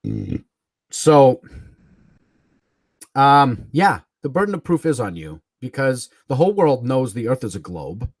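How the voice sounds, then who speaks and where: A man rants through a livestream in a combative, mocking tone, cursing and chuckling as he goes. His pitch swings widely and freely. The recording is close and dry. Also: wildly swooping pitch, a little slow, long pauses, breathy edge, no echo. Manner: combative and mocking, swearing, chuckling between jabs. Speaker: livestream host. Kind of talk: ranting livestream commentary.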